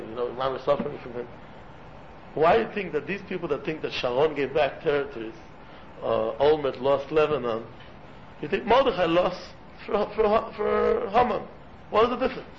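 In a room with listeners, a religious teacher gives an animated, sermon-like talk, acting out quoted dialogue with sudden pitch jumps and dropping in Hebrew and Yiddish terms. The recording is muffled, with faint room noise.

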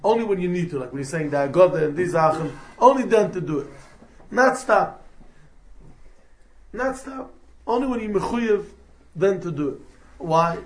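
A man's voice: fairly high pitch, lively intonation, quick pace, slight background noise. A man teaching a Torah lesson, explaining point by point and mixing in Hebrew and terms. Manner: mixes English with Hebrew and Yiddish terms, explanatory. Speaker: rabbi teaching halacha. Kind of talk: Torah lecture.

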